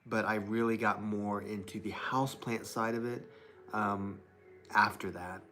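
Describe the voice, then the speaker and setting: A young man with a fairly low voice chats casually on a livestream, rambling and thinking aloud as he reads viewer comments. He speaks into a laptop mic at his desk. A faint hiss sits under his voice. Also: steady tone, measured pace, sharp tone. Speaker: livestream host. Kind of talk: casual live-stream chat. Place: indoors at a desk with plants.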